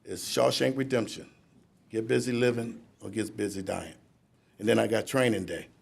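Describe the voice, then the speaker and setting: A man's voice: fairly low pitch, steady tone, moderate pace, creaky, slightly rough. A man in his fifties giving a rambling, conversational recovery testimony at a courtroom ceremony, laughing at himself as he goes. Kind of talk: personal recovery testimony to an audience.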